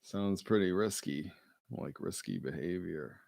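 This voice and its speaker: A man's voice: low voice, expressive, a little slow, gravelly, a little mellow, no echo. A man in casual, meandering chat, joking and swearing with lots of fillers.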